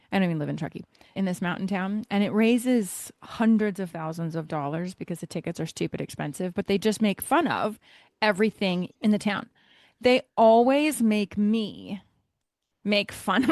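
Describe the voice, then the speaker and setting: A middle-aged woman chats casually on a podcast. She tells stories in a lively way and laughs often. Her voice sits at an average pitch and sounds close and dry, with no room echo. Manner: animated storyteller, laughs often. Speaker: podcast co-host. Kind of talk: casual chat.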